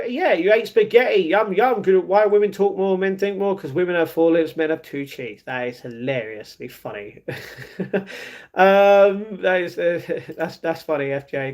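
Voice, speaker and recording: London guy, young, high voice, easygoing livestream host reading chat. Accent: London English. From England. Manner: chatty, reads comments aloud and answers them. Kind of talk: casual live chat.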